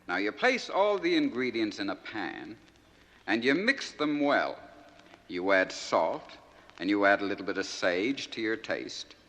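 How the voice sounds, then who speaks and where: Folksy, lively storyteller man. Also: on the low side, a little slow. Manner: folksy, animated. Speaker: radio host and comic storyteller. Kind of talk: stand-up joke telling. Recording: reverberant 1971 live LP.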